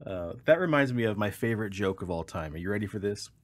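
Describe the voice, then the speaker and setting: A man co-hosting a podcast in casual chat, an animated storyteller who laughs often. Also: on the low side, fast talker. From Kansas. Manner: animated joke-teller, laughs a lot. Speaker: podcast co-host.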